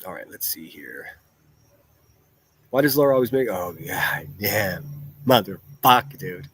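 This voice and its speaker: A man's voice: deep voice, expressive, measured pace, pauses often, fairly bright tone, husky, dry recording. A man hosting a live stream and answering his chat in a blunt, profane, rambling way, with frequent restarts. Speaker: livestreamer reading chat.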